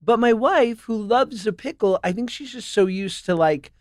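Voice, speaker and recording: High-voiced man telling a story on a dry mic. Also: normal speed, darkish tone, no room sound. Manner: chatty storyteller. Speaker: podcast host. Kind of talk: casual podcast chat.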